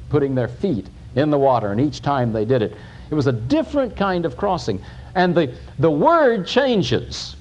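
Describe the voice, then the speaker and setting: A man preaching a sermon, emphatic, with pauses and restarts. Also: a little high.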